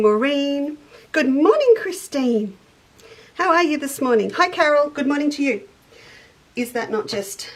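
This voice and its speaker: A woman's voice: mid-range voice, gravelly, rough recording. A middle-aged woman hosting a casual live sewing chat, greeting viewers by name as she goes. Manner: chatty, greets viewers by name, eats on air. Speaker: shop owner and livestream host.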